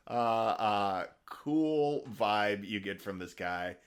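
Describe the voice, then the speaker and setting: A middle-aged man co-hosts a podcast with a fairly low voice. He chats casually, wandering through his points with fillers and restarts. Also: expressive, slow, smooth. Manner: rambling, many fillers and restarts. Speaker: podcast co-host. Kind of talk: casual chat.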